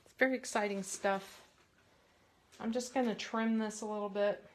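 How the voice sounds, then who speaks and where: A woman hosting a casual card-making tutorial from her craft space, chatty and rambling, with bursts of excitement. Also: mid-range voice, normal speed, noisy background.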